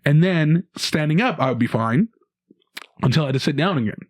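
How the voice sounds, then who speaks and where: A man's voice: fairly high pitch, fairly quick, no room sound, studio quality. Canadian man telling a story. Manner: animated storyteller with many restarts. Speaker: guest comedian. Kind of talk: casual storytelling.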